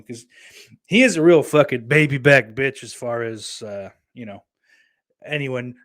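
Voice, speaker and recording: Reading listener comments on his podcast, a man from New York speaks in a mid-range, fairly bright voice with a Southern accent. His riffs are profane, meandering and sardonic.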